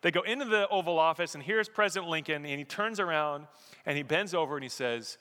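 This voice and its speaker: A man's voice: on the high side, fast, sharp tone. A man preaching a sermon as pastor, telling stories and building to emphatic peaks. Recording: echoey hall.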